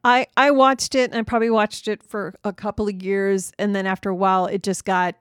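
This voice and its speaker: A woman's voice: medium pitch, flat delivery, brisk, clean tone, dry recording, clean studio sound. A middle-aged woman co-hosting a podcast, chatty and casual, often hedging with "you know". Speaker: podcast co-host.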